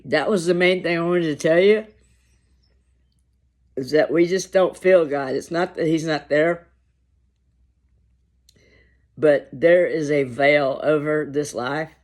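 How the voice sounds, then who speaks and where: A man vlogging to camera over lunch, talking in a slow, reflective, halting way with long pauses. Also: on the high side. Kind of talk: casual talk to camera while eating lunch.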